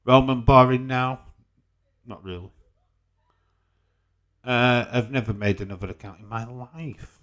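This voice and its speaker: A man's voice: on the low side, steady tone, slow, long pauses, a bit bright. A British man hosting a casual live watch-along stream, chatting, swearing freely and reading out viewer comments. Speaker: livestream host.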